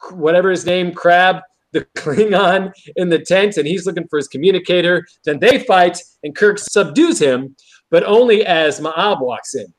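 A man co-hosting a podcast, casually recapping an episode and acting out quoted lines. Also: fairly high pitch. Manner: animated retelling with quoted lines. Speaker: podcast co-host.

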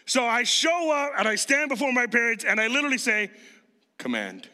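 Talking quickly in a high, very bright voice, a Chicago man in his thirties preaches as if chatting with friends, quizzing the congregation again and again, while the long reverb of a large hall carries his sermon.

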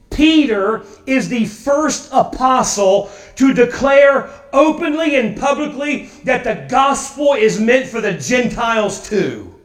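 A male pastor preaching a sermon, telling stories lively and acting out quotes, often repeating words as he goes. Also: sits high, roomy sound, rough recording. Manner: animated storyteller, acts out quotes, repeats words.

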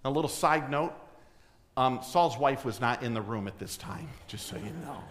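A man preaching a sermon, asking his congregation questions and swinging from loud emphasis to hushed, near-whispered lines. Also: mid-range voice, lively intonation, normal speed. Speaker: pastor. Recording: long hall reverb.

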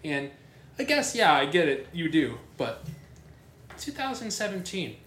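A man's voice: fairly high pitch, very animated, unhurried, a bit bright, echoey room, a little hiss or hum. A man co-hosting a casual podcast, chatty and self-deprecating, often asking naive questions. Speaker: podcast co-host.

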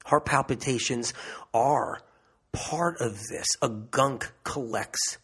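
A man's voice: medium pitch, slow, a bit bright, husky. A man giving an emphatic health monologue, repeating phrases for emphasis and restarting often. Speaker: health speaker. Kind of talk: impassioned monologue.

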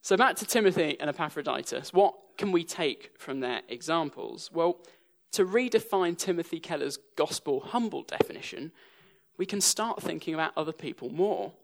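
A man's voice: fairly high pitch, lively intonation, moderate pace, gravelly. A young English man preaching a sermon, telling stories with a dry sense of humour. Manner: dry humour woven into storytelling.

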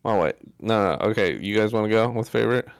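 A man co-hosting a gaming podcast in casual chat, playful and animated, often trailing off and restarting mid-sentence. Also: on the low side, fast talker, gravelly, no room sound, studio quality. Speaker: podcast co-host.

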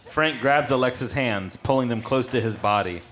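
A man's voice: medium pitch, moderate pace, a bit bright. A man narrating a comedy scene, amused and often laughing mid-line. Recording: noisy recording.

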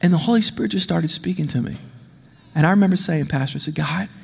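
A male pastor preaching a sermon in a large church. He is animated and conversational, and he calls out to the congregation for responses. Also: on the high side, quick pace, vocal fry, slightly rough. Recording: long reverb of a big hall.

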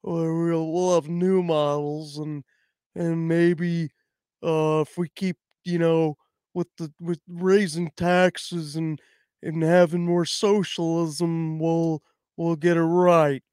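A man doing a slow, halting impression of an older woman financial official, full of hesitations. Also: on the high side, flat delivery, darkish tone, clean tone, no echo, clean studio sound, voice pushed down. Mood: sheepish.

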